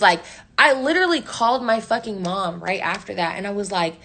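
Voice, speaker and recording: A woman's voice: mid-range voice, normal speed. A young woman venting to her livestream audience in a loose, profane storytime. She talks in slang and acts out both sides of each argument. Her voice sits in an ordinary middle range. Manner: profane, slangy, animated retelling with quoted dialogue. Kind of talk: casual storytime rant.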